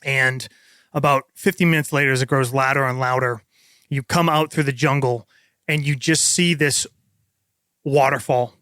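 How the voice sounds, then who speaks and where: A man's voice: mid-range voice, fairly even intonation, normal speed, a bit bright, dry recording, clean studio sound. A man narrating a tabletop game as game master, painting vivid scenes with casual fillers.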